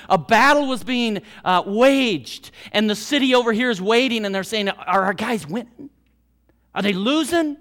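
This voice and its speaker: A middle-aged male pastor with an American Midwest accent, preaching an animated sermon that swings between soft and loud. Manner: animated preaching with big swings in loudness and pitch.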